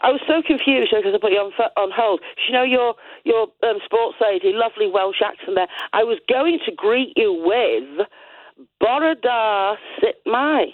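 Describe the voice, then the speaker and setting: A woman's voice: on the high side, fairly quick, hardly any pauses, no room sound. Chatty woman on a tinny phone line. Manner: chatty, opinionated, rambling. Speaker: radio caller. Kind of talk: casual phone-in chat.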